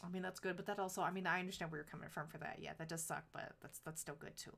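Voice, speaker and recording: A young adult woman streaming live, chatting casually and rambling through stories with lots of "like" and quick laughs. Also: fairly low pitch, fairly even intonation, creaky, fairly bright tone.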